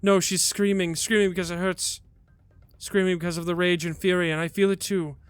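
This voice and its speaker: An anguished old grandmother dragon, put on by a man, wails over her lost brood. The voice sits a touch high, and it stays smooth and resonant throughout. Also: level tone, brisk, no echo, natural voice. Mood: grieving. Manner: wailing, lamenting. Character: grieving old mother dragon, female, anguished.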